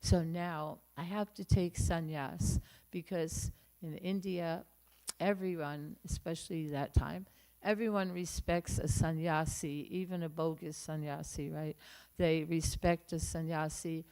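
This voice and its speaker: A woman giving a morning temple class, telling a devotional story with many pauses, fillers and restarts. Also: sits low, steady tone, creaky, dark tone. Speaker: class speaker. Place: temple room.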